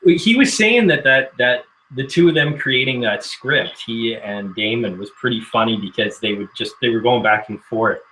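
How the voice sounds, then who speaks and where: Bright-voiced chatty Canadian man. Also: medium pitch, normal speed, hardly any pauses, slight background noise, poor audio. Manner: chatty, laughs often. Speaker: film critic panelist. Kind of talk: casual panel chat.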